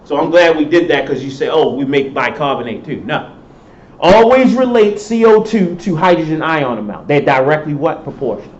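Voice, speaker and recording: High-voiced man lecturing in an echoey hall. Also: expressive, moderate pace. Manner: quizzing, answers his own questions. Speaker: professor. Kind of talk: classroom lecture with questions to students. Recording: echoey lecture hall, dull sound, faint hiss.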